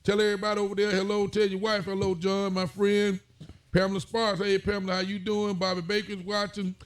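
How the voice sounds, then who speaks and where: A man's voice: high voice, monotone, a little fast, smooth. A man, a sheriff hosting a casual talk show, greeting viewers by name in a folksy way.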